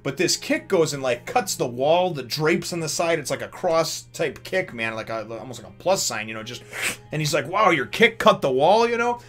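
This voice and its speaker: A man's voice: on the high side, big pitch swings, moderate pace, soft background music. A man hosting a casual manga chapter review vlog who rambles with lots of fillers and laughs often. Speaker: host of a manga review channel.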